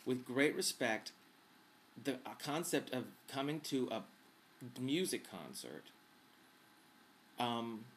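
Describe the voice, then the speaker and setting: Vlog host, male, mid-pitched, campy and quick with a joke, answering viewer questions casually. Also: very animated, a bit bright, a little hiss or hum. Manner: chatty, campy and wisecracking.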